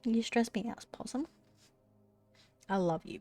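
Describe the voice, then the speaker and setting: A woman's voice: fairly high pitch, unhurried, dark tone, soft background music. A woman live-streaming while she crochets, chatting casually, swearing at her cat and often dropping to a whisper, a little phlegmy.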